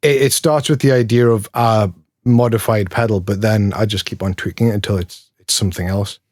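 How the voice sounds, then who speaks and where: A man with a fairly low pitch and fairly even intonation talks a little fast, his tone slightly mellow. He's a Geordie pedal builder from Newcastle, England, guesting in an interview, chatting casually, rambling, self-deprecating and laughing frequently. Dry, clean studio recording.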